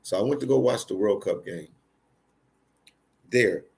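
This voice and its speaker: A man's voice: on the low side, animated, measured pace, vocal fry, a little mellow. A man hosting a livestream, telling stories casually, repeating phrases and speaking with emphasis. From Philadelphia, United States. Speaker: livestream host. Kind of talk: casual live storytelling.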